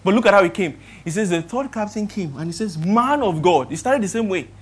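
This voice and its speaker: A pastor with a Nigerian accent preaching a sermon, firing rhetorical questions at the listeners and swinging between loud emphatic build-ups and quiet, slowed-down points. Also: medium pitch, expressive, husky. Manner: asks rhetorical questions of the congregation.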